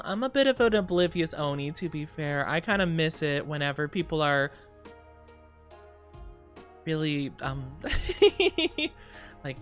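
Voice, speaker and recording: A young woman streaming casually, chatting with viewers in a bubbly, giggly way with cutesy slang. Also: low voice. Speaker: VTuber streamer. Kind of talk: casual live-stream chat, greeting viewers.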